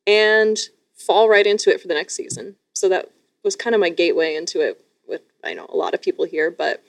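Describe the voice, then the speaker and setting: A woman's voice: lowish voice, animated, fairly quick, gravelly, no room sound. Young Canadian woman gushing over racing. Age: young adult. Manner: enthusiastic, gushing with many restarts. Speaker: guest, live streamer. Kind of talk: casual podcast chat.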